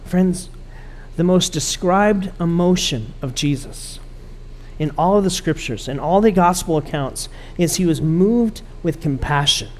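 High-voiced man preaching a sermon. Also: lively intonation, a little slow. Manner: conversational, emphatic preaching with rising bursts. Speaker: pastor.

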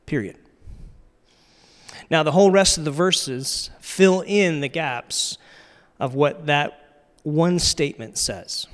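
Conversational pastor preaching in a hall. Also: male voice, on the high side, a bit bright. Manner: conversational preaching with fillers and repeated phrases. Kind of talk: sermon.

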